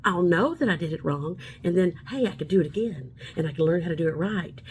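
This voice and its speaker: A woman's voice: lowish voice, animated, fast, a little mellow, slight background noise. A woman in her forties talking straight to camera in a casual vlog, chatty and rambling, upbeat and a bit preachy. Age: 40s. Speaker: vlogger.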